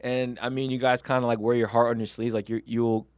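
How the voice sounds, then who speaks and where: A man's voice: mid-range voice, little pitch movement, fairly quick, darkish tone, no room sound. A man from Chicago hosting a podcast interview, chatty and rambling, laughing often. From Chicago, US Midwest. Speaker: podcast host. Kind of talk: casual interview chat.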